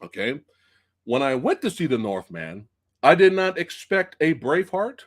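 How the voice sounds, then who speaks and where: A man hosting a live-stream movie review show, chatting casually with viewers, excitable and swearing freely. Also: fairly high pitch, moderate pace. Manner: chatty, addresses viewers directly.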